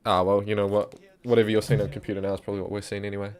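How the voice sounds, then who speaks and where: A man's voice: fairly low pitch, flat delivery, very fast, a little mellow, clear, resonant tone. A young man co-hosting a casual sports watch-along livestream, joking and chatting as he reacts. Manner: laid-back, joking, chatty. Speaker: livestream co-host.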